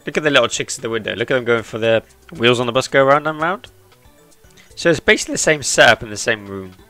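Gravelly man chatting through a game. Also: mid-range voice, lively intonation, quick pace, sharp tone, faint music behind. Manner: chatty, jokey, talks to the game characters. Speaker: gaming YouTuber. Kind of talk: let's play commentary.

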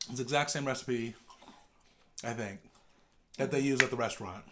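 A man's voice: mid-range voice, moderate pace, heavy background noise. A man co-hosting a food vlog, chatting in an easygoing way while eating. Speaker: vlog co-host. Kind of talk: casual chat while eating.

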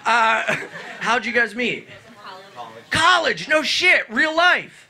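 A man performing a live stand-up set, loud and profane, talking to the crowd and breaking into shrieking bits. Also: very high voice, sing-song, slow. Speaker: stand-up comedian. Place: comedy club with live audience. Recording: noisy live club recording.

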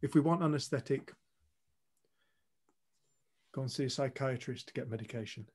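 A man's voice: mid-range voice, normal speed, a little mellow, breathy edge. A man co-hosting a retreat, telling a story to a group in a blunt, earnest way and swearing casually. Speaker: retreat co-host. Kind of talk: candid storytelling talk to a group.

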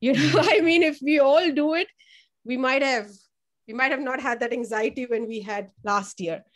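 A family child care provider, a woman with a high voice, shares stories about the kids in her program at a moderate pace. Her testimonial is lively and conversational: she acts out quotes in a raised voice and repeats words while she thinks.

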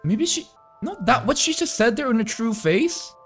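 Excitable man with a lively voice. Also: very high-pitched, normal speed, soft background music. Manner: excitable, swears freely, thinks aloud; wry, playful running commentary. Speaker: anime reaction streamer. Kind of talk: casual live reaction commentary.

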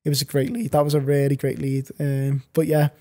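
Speaking fairly quickly in a warm, mid-range voice with a level tone, a young online reseller chats as a guest on a casual podcast. He rambles through long stories, restarting often and leaning on fillers.

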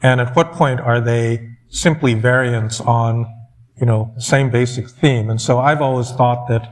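A man's voice: mid-range voice, fairly even intonation, a little slow. A man on an academic panel, speaking in a thoughtful, hedging way and restarting his thoughts as he works through an argument.

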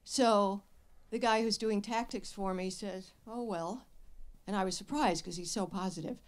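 An older woman hosting a live advice show, telling stories and answering questions in a blunt, wry and lively way. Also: mid-range voice, moderate pace. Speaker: radio advice host. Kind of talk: live show talk with an audience. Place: radio studio with live audience.

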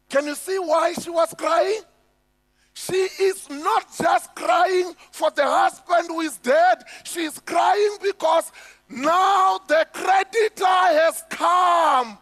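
South African pastor, emphatic sermon, unhurried delivery, echoey hall. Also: male voice, very high voice, a bit bright, raised voice. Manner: emphatic preaching, rhetorical questions to the congregation. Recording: echoey hall with faint music.

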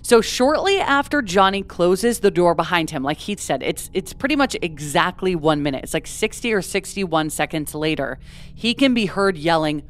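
A woman co-hosting a true crime podcast, her voice smooth and clear and pitched a little low. She reads from a script and slips into casual asides now and then. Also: lively intonation, normal speed. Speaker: podcast co-host.

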